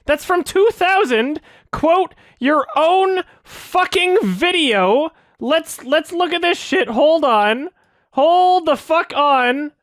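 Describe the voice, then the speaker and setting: A woman's voice: sits high, lively intonation, slow, no echo, clean studio sound. A woman streamer giving angry reaction commentary, ranting, indignant and sarcastic, repeating her questions.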